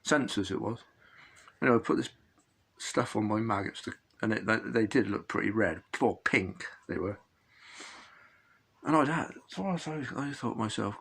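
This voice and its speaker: A man's voice: on the low side, normal speed, creaky, pauses often, fairly bright tone, husky. A middle-aged man, rambling and chuckling as he recounts an old fishing match, often correcting himself mid-sentence. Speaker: fishing channel host. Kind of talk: casual anecdotal storytelling.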